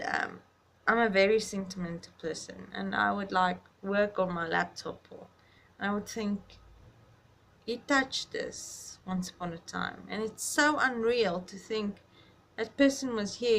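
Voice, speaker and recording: A grieving woman records a personal video diary with a gravelly, creaky edge to her voice. She talks in a halting, reflective way and stops often to search for words. She sounds close to tears. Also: lowish voice, a bit bright, a little hiss or hum. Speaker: vlogger.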